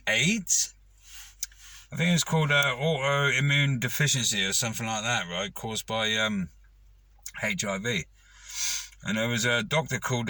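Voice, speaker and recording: A man's voice: mid-range voice, pushed and bright, no echo. A man ranting to camera, rambling and swearing with lots of fillers. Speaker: vlogger.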